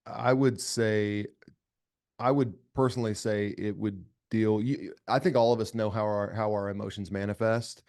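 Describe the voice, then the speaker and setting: Middle-aged guy on a podcast, kinda low voice, earnest, keeps repeating himself when he gets going. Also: fairly even intonation, moderate pace, a little mellow. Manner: earnest, emphatic, repeats words as he restarts. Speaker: podcast guest, company cofounder. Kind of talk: casual conversational interview.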